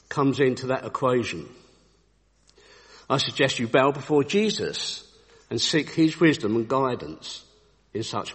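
Man, earnest devotional storyteller, husky voice, lively pitch, long reverb. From United Kingdom. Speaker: Christian speaker. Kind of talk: devotional talk with anecdotes.

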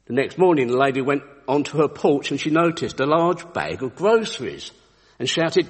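A man's voice: fairly high pitch, very animated, normal speed, breathy edge. A man giving a Christian devotional talk, telling anecdotes in an earnest storytelling way, with a long echoey reverb on the recording. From United Kingdom. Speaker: Christian speaker.

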